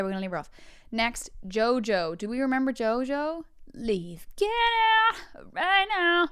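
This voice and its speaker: A woman around thirty, hosting a podcast with bubbly, giggly storytelling and quick tangents. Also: medium pitch, smooth, no echo, clean studio sound. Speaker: podcast host. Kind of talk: casual chat.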